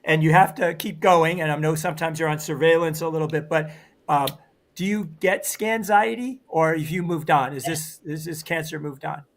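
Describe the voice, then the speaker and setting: A man with a Boston accent and a slightly high voice hosts an interview. He affirms his guest often and passes along viewers' comments, filling pauses with "uh.". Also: fairly even intonation. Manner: affirming, relaying comments, with fillers. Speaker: host. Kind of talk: interview hosting.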